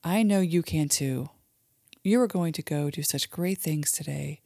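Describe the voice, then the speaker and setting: A woman with a fairly low, warm, mellow voice gently guides children through a calming imagery exercise. She often slips into soft whispers. The recording is close and dry, with no room sound. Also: unhurried, vocal fry, no echo. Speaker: host and mother leading guided relaxation for kids.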